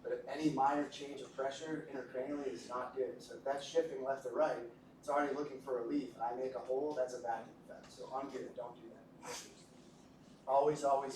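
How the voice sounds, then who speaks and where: A man's voice: medium pitch, a little mellow. A man giving a medical lecture to a class, casual and joking, often asking the students questions. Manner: jokey, conversational, asks the class questions. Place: lecture room. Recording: echoey room from a distance with faint noise.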